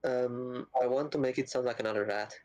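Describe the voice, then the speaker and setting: A man playing a tabletop game, speaking in a hesitant, low-key way. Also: fairly even intonation, brisk, darkish tone, no room sound, faint music behind, rough recording. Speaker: player. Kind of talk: casual game chat.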